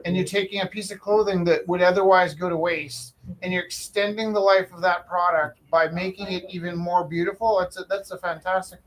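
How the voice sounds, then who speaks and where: Brief: male live-auction host, a bit higher-pitched, stumbles and restarts a lot, faint room noise behind. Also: level tone, a bit bright, rough recording. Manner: halting, many restarts and fillers. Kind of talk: casual live-stream storytelling.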